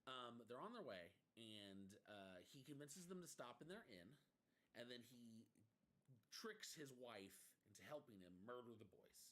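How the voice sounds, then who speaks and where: Brief: young male podcast co-host, lively pitch, animated storyteller. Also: measured pace. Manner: animated retelling with put-on quoted voices and laughs. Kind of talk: casual storytelling chat.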